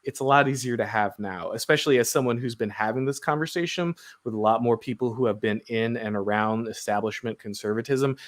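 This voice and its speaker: A man's voice: medium pitch, a little fast, hardly any pauses. A man from the United States hosting a podcast, talking through his views in a casual, rambling way, often restarting and tagging his points with "right?". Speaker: podcast host. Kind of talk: casual political discussion.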